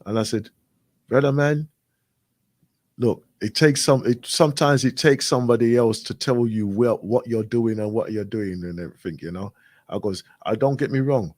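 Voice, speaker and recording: A man's voice: mid-range voice, moderate pace, darkish tone, dry recording. A man casually telling a story, acting out both sides of a talk and often asking "right?". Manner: repetitive, frequent "right?" and "I goes". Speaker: radio show guest.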